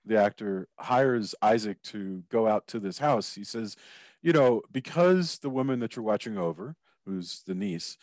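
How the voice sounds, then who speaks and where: A man's voice: lowish voice, animated, a little slow, a little mellow, dry recording. A man from Texas with a Texan accent, hosting an interview in a chatty way and often restarting his sentences. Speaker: podcast host. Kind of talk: casual interview.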